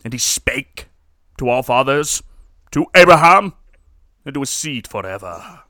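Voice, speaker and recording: A man voicing a solemn young woman who recites a psalm slowly and gravely in old-fashioned English. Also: medium pitch, big pitch swings, sharp tone, no echo, studio quality. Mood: solemn, reverent.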